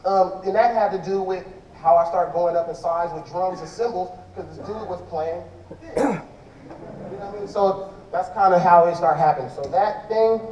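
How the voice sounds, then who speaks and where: High-voiced man rambling in an echoey hall. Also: moderate pace, darkish tone. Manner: rambling, loose, slangy, restarts often. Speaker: drummer answering audience questions. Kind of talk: casual stage talk to an audience. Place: large indoor event hall stage. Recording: dull echoey hall from far off.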